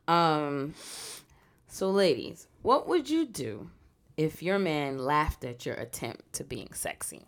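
A woman's voice: low-pitched, very animated, takes it slowly. A woman co-hosting a podcast in casual, frank chat, often saying "you know" and laughing easily. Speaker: podcast co-host.

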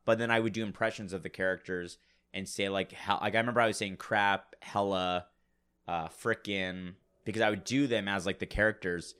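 A man's voice: fairly low pitch, a bit bright, smooth. A young man in casual podcast chat, rambling with many fillers.

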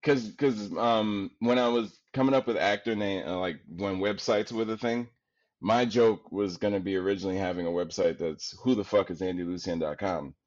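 A man from Queens with a deep, resonant voice, a podcast guest telling stories in an animated, slangy way and laughing often. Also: normal speed, highs cut off. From Queens, New York. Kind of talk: casual storytelling chat.

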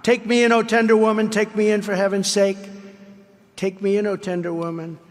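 A man's voice: high voice, little pitch movement, a little fast, close to an everyday voice. A vicious snake, as a man reads him out. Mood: pleading. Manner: sing-song pleading refrain. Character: sly, vicious snake pleading to be let in. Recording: reverberant hall.

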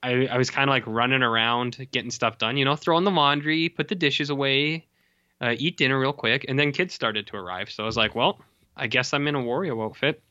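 Bright, rambling male co-host, joking; lo-fi, dry mic. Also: medium pitch, fairly quick, no room sound. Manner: rambling, jokey, many fillers. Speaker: podcast co-host. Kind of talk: casual chat. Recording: dull lo-fi dry recording.

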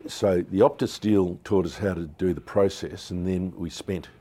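He has a low, husky, dark-toned voice and keeps a moderate pace. An Australian business founder in his sixties, he's a guest in a storytelling interview, speaking candidly and acting out the things people told him.

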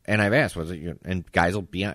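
A man co-hosting a casual podcast, telling an animated story and acting out both sides of an argument. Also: sits low, a little fast, no echo, clean studio sound. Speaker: podcast co-host.

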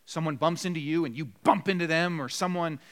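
A male pastor delivers a sermon from his church. His voice sits a bit higher than most men's, and he speaks in an earnest, direct way. He slips into short spoken lines to show how people talk to each other. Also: a little fast. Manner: earnest, acts out quoted apologies in dialogue. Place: church sanctuary.

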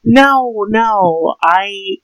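A man's voice: high-pitched, expressive, drawn-out words, a bit bright, dry recording, rough recording. A man from Florida co-hosting a podcast, sardonic and swearing freely in casual comedic chat. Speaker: podcast co-host.

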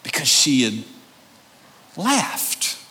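A man preaching a sermon, emphatic and deliberate, firing rhetorical questions at his congregation. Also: mid-range voice, wildly swooping pitch, sharp tone. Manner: drawn-out, deliberate delivery with pauses. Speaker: pastor.

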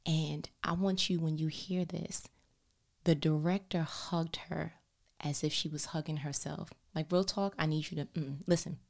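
Animated woman telling a story, slipping into whispers. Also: deep voice, unhurried, creaky. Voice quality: drops into whispers often. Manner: animated, expressive, talks directly to listeners. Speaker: mother telling a story about her daughter. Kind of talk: casual storytelling to camera.

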